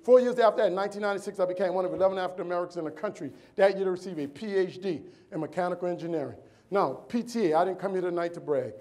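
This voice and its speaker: A man, giving a rhythmic, preacherly motivational speech on a convention stage. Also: high voice. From New Orleans, US. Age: 40s. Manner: preacherly, rhythmic lists, voice swings from loud to hushed. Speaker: keynote speaker.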